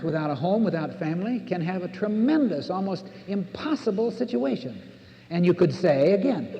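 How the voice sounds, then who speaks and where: Older man, American accent, mellow voice, earnest rhetorical sermon, dull old cassette recording. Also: fairly high pitch, long reverb tail. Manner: earnest, rhetorical, repeats words for emphasis. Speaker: minister.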